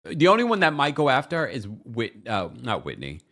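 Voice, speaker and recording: A man hosting a reality TV recap vlog, talking in a gossipy, animated way and jumping into high mocking voices when he quotes people. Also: a little fast. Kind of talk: casual recap commentary.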